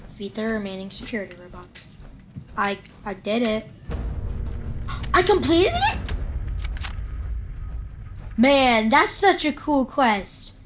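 A woman's voice: a little high, big pitch swings, takes it slowly, pauses often, music in the background. A woman hosting a gaming channel, chattering to herself during gameplay commentary, jittery, panicky and playful. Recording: game gunfire loud under voice. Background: game gunfire and ambience.

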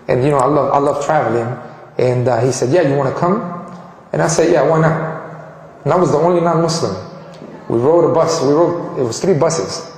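A man's voice: fairly high pitch, brisk. Man telling his story in an echoey hall. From Colombia. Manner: animated, frequent restarts and fillers. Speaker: convert giving a testimony. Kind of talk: personal storytelling talk. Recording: echoey hall with long reverb.

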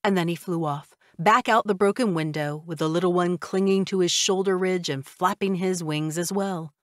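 A woman reads a first-person fiction audiobook in a steady, even storytelling voice. Her voice sits fairly low for a woman. The recording is close and dry, with no room sound. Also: normal speed, no echo. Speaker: audiobook narrator. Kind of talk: scripted first-person narration.

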